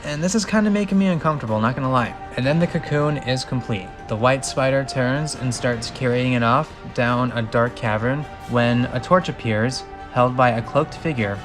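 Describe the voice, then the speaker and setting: A man's voice: medium pitch, normal speed, hardly any pauses, over music. A man reading a film script aloud and breaking off for rambling, incredulous asides.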